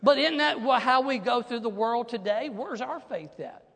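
A man with a very high, bright voice preaches a sermon as pastor. He swings from hushed asides to loud, animated declarations. His voice rings with the long reverb of a large church hall. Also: normal speed.

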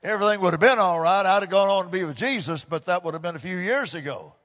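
A man preaching a sermon as a pastor, building from slow, quiet stretches to loud, shouted peaks. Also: high voice, expressive. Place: church sanctuary. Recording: long reverb of a large hall.

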